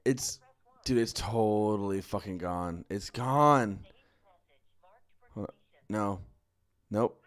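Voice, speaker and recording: A man's voice: on the low side, takes it slowly, pauses often, no echo. Swearing, rambling male podcast host. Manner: profane, rambling, laughs often. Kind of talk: casual chat, storytelling.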